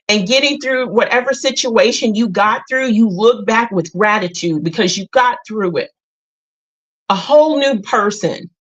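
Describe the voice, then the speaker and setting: A woman's voice: fairly high pitch, expressive, normal speed, a bit bright, highs cut off. A middle-aged woman hosting a casual livestream. She talks straight to her viewers, earnest and emotional. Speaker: livestream host.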